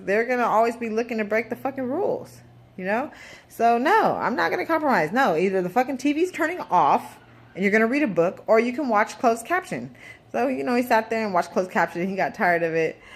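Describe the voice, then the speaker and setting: A woman in her thirties, a mother venting in a casual vlog, blunt and profane with rambling asides. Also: mid-range voice. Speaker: parent vlogger.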